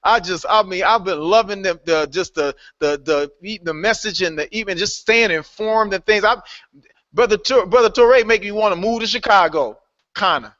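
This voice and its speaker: A man hosting a live online call, welcoming new members in a lively, playful way and laughing often. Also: high-pitched, moderate pace, no room sound. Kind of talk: casual live call-in chat. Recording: dull lo-fi online call audio.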